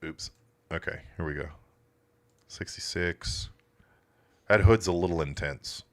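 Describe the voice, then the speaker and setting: Speaking a little slowly in a low voice, a man hosts a casual classic car livestream from his auto shop. He gives blunt, profane, laid-back live commentary.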